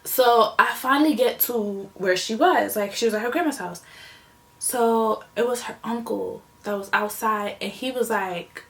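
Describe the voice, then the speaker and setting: Young woman, vlogger, casual storytime, raspy fry, rambling, emotional, lots of fillers. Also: fairly high pitch, unhurried.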